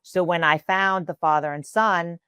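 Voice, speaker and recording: A woman's voice: fairly low pitch, steady tone, moderate pace, bright, forceful tone, clear, resonant tone, no echo, studio quality. A woman from New Orleans whose first language is Spanish, telling an earnest personal faith story as a podcast guest, with many fillers. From New Orleans, USA.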